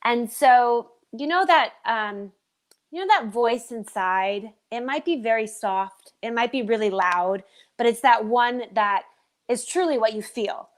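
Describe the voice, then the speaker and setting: Expressive, fairly high-voiced woman guest. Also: measured pace. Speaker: guest, performer. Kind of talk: casual chat.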